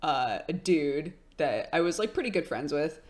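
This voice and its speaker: A woman's voice: sits low, sing-song, normal speed, a little mellow. A young woman streamer chatting casually with her live chat, telling stories with lots of fillers and giggles.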